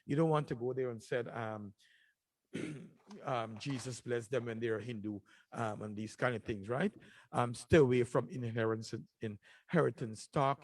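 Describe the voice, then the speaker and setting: A man's voice: medium pitch, measured pace, dry recording, poor audio. Earnest talk show host man, dry sound. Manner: earnest, repetitive, many filler ums. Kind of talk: call-in talk show advice.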